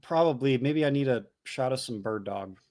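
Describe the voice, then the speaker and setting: A man's voice: mid-range voice, normal speed, darkish tone, no echo, clean studio sound. A man co-hosting a casual livestream, reading chat messages aloud with loose jokes and stumbling repeats.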